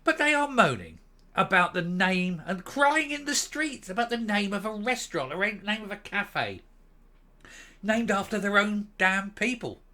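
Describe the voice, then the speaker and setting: A man's voice: high voice, very animated, moderate pace, pushed and bright. A Northern Irish man hosting his own channel, giving blunt, sarcastic opinion commentary with mild swearing. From Northern Ireland. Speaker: host of a political commentary channel.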